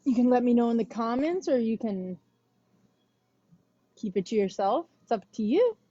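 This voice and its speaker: Chatty, mellow-voiced woman fitness instructor. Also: a little high, normal speed, no room sound, lo-fi sound. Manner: relaxed, chatty, sighing and yawning. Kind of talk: casual chat before a livestream workout class. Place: indoors at home. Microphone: wireless headphone mic.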